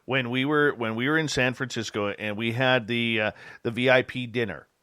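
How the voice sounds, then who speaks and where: A man hosting a radio interview, chatting in a lively way and laughing along. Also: medium pitch, moderate pace, clean tone, no room sound, clean studio sound. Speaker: radio show host. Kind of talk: casual radio interview chat.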